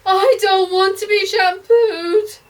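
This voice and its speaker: A woman voicing a small boy sobbing in the bath, wailing in drawn-out sobs. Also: very high voice, steady tone, recorded from a distance, pitched above the performer's own voice.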